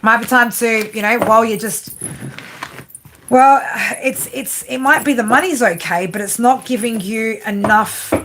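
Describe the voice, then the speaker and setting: A woman's voice: fairly high pitch, unhurried, a bit bright, a little hiss or hum. A woman giving a live tarot reading, talking in a rambling way with lots of fillers and tag questions. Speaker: tarot reader.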